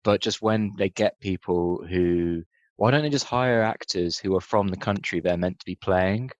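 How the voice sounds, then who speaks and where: Deep-voiced wry podcast co-host. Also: male voice, normal speed, dry recording, muffled recording. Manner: wry, laughs often, goes off on tangents. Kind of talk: casual film chat.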